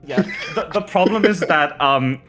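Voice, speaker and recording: A man's voice: on the high side, expressive, unhurried, music in the background. A man chatting casually and laughing often as game master before a tabletop game from a home streaming setup.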